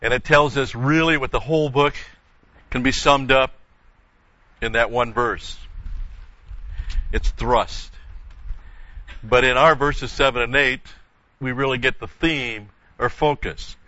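A man's voice: medium pitch, steady tone, takes it slowly, pauses often, bright, forceful tone, no room sound, muffled recording. An older man teaching a verse-by-verse Bible study, explaining carefully with frequent restarts and emphatic repetition.

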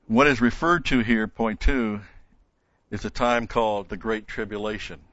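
A man's voice: fairly low pitch, normal speed, a bit bright, no echo. A man delivering an expository sermon as a Bible teacher, stressing points by repeating key words. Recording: dull, dry lo-fi recording.

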